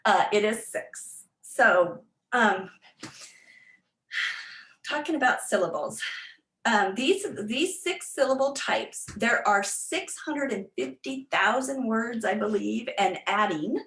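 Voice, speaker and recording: In a chatty online workshop about reading skills, a woman teacher sounds words out amid lots of fillers and restarts. She speaks slowly in a slightly high, animated, somewhat bright voice, and the audio is poor and reverberant.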